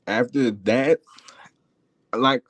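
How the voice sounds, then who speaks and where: A man calling in to chat about boxing, rambling and excitable with lots of fillers. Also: mid-range voice, extremely slow, no room sound. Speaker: caller. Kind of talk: casual phone-in chat.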